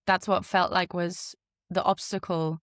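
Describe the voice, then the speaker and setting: A woman's voice: fairly low pitch, a little slow, dry recording, clean studio sound. Woman with an unplaceable international accent. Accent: international hybrid. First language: German. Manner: lively, chatty, heavy use of "like". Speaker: voice actor guest. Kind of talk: podcast interview.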